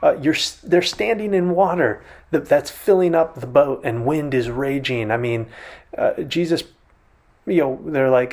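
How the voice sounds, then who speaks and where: A man's voice: a little high, measured pace, darkish tone. A man preaching a sermon in a conversational way, often restarting and retelling a scene vividly. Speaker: pastor.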